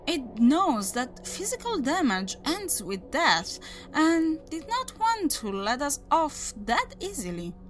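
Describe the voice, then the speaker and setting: A woman doing a calm, mysterious male demon hunter in a spoken horror story. He is polite and matter-of-fact, and his voice is bright and unhurried. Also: sits high, a little hiss or hum, pitched above the performer's own voice, heavily acted.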